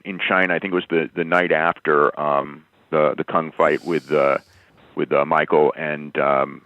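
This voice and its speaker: Man, reporter, low voice, hesitant rambling question, distant phone line. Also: dry recording. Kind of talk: asking questions on a conference call.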